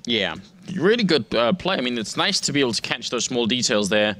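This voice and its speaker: A man commentating a competitive shooter match, chatty and relaxed. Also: mid-range voice, a little fast. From Denmark. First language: Danish. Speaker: esports caster. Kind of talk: play-by-play commentary.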